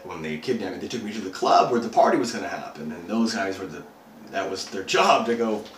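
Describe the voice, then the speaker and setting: A man's voice: fairly low pitch, expressive, a little fast, slight background noise, natural voice. An actor performing his own monologue as a rattled, foul-mouthed young man, rambling with fillers and restarts. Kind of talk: self-written dramatic monologue. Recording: roomy echo, mic at a distance.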